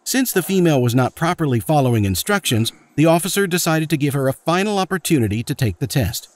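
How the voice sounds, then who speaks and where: A man's voice: fairly high pitch, big pitch swings, fast. A man giving matter-of-fact scripted narration of a police case.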